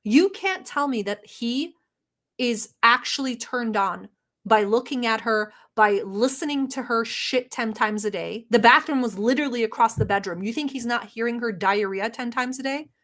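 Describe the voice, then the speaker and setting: A woman from the Middle East with a fairly high voice, commenting on clips in her non-native English. She is blunt and sarcastic and swears freely. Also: normal speed, fairly bright tone. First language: not English. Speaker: commentary vlogger. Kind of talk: reaction commentary.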